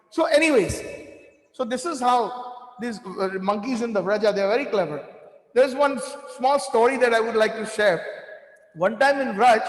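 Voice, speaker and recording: A man giving a devotional talk, telling lively anecdotes with quoted dialogue. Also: sits high. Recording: echoey hall with long reverb.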